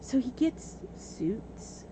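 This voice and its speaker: A woman vlogger telling a story in a casual, animated way. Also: extremely slow, background noise.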